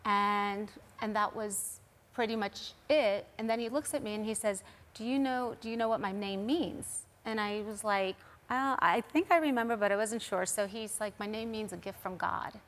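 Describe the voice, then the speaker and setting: A woman's voice: mid-range voice, normal speed, a bit bright. A middle-aged woman, a guest on a TV talk show, earnestly recounting a personal story and quoting what others said. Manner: earnest, recounting events with quoted dialogue.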